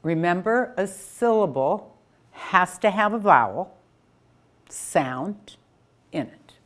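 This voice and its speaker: A woman teaching reading and spelling, coaching a student patiently. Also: fairly low pitch. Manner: slow, calm, coaching. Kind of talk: patient phonics instruction.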